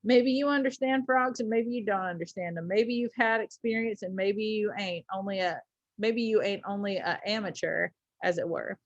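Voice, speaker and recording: A woman's voice: medium pitch, moderate pace, no room sound, close to an everyday voice. Woman reading sly bragging frontier gambler guy, folksy drawl, dry dull sound.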